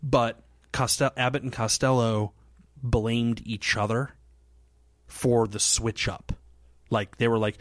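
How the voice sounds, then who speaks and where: A man's voice: mid-range voice, little pitch movement, slow pace, no echo, clean studio sound. A man co-hosting a casual podcast, telling a rambling story, laughing often and acting out the lines of the people he quotes. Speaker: podcast co-host.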